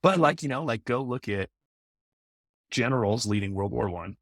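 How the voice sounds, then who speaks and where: A man's voice: mid-range voice, animated, normal speed, fairly bright tone, dry recording, studio quality. A man chatting as a podcast guest, telling rambling stories full of "like" and "you know.". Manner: rambling storyteller, lots of fillers. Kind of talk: casual podcast chat.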